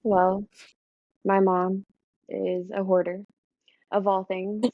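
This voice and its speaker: A woman chatting casually as a podcast co-host. She pauses and restarts as she pulls her thoughts together. Her voice sits dry and close on a slightly muffled mic. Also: medium pitch, little pitch movement, no echo. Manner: halting, gathers thoughts mid-sentence. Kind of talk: casual chat among friends.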